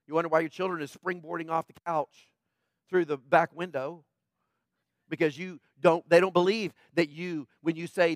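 A high-pitched man delivers a sermon in a conversational, emphatic way, punctuating his points with quick tag questions. His voice sounds close and dry, with almost no room around it. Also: no echo. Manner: emphatic, tags points with "right?"; plainspoken, preachy asides. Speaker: pastor.

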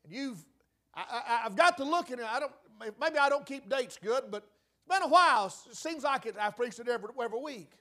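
A man preaching a sermon, repeating phrases with emphatic, folksy, drawn-out delivery. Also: extremely high pitch, expressive, bright, forceful tone.

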